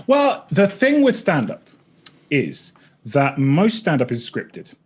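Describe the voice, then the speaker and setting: Excitable husky guest in his thirties, lively pitch, rambling anecdotes. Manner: excitable, rambling, oversharing, quick tangents. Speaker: podcast guest, streamer and former stand-up comic. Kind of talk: casual interview chat.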